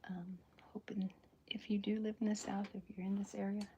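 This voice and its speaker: A woman chatting in a soft-spoken, whispery way during an ASMR drawing livestream, rambling and correcting herself as she goes. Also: mid-range voice, flat delivery, a little fast, slight background noise. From American South. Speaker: cartoonist streaming live.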